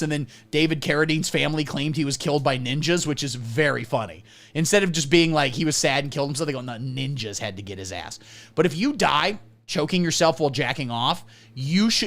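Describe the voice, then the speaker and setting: A man hosting a satirical comedy livestream, delivering absurd deadpan jokes and swinging between mumbled asides and sudden emphasis. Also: fairly high pitch. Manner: deadpan absurdist, mock-conservative persona. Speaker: livestream host.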